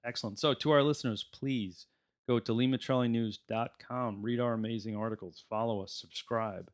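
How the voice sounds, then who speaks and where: A man's voice: medium pitch, steady tone, fairly quick. A man hosting a casual podcast, chatting loosely and laughing often as he wraps up an episode. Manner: laughs often, easygoing outro patter. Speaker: podcast host.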